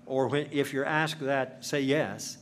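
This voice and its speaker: An older male preacher delivers his sermon with a homely, storytelling touch. He drags out key phrases slowly for emphasis, and his voice sits at an ordinary middle pitch. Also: a little hiss or hum.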